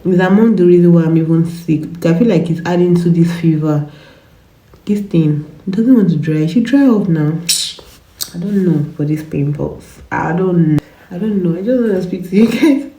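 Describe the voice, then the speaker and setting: A woman in her twenties vlogs to a phone camera at a normal speed, her lowish voice dark in tone and the recording reverberant. She has a cough and keeps up a chatty, rambling flow, repeating words and laughing often.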